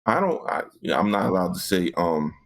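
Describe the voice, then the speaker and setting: Ranting low-voiced man on a gaming podcast. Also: moderate pace. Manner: animated, profane ranting with acted-out exchanges. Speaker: podcast co-host. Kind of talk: casual gaming podcast chat.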